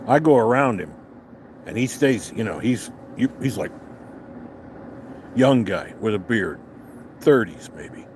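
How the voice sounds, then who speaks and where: A man's voice: lowish voice, animated, measured pace, long pauses, a little mellow, a little hiss or hum. An older man vlogging, telling a profane, angry story about a road clash, swearing heavily as he talks outdoors. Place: outdoors on a restaurant patio.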